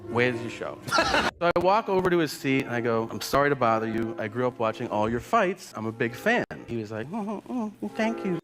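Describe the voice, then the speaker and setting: A man's voice: mid-range voice, sing-song, a little fast, over music. A male comedian telling a story on stage, acting out both sides of a conversation. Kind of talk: storytelling stand-up.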